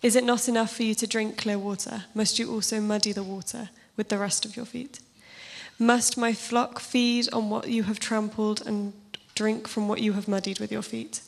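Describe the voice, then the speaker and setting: A woman with a slightly husky voice, speaking casually and then giving a steady scripture reading in a sermon. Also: medium pitch, normal speed. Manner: informal and self-deprecating, steady even reading. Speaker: church speaker.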